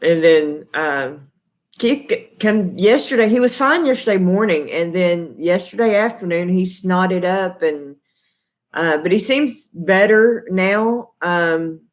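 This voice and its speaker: A woman's voice: fairly low pitch, animated, slow. A middle-aged Texan woman hosting a casual live stream from her kitchen table. She talks in a chatty, folksy, rambling way with lots of fillers, picked up by her laptop's microphone. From Texas. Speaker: livestream host. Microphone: laptop built-in mic.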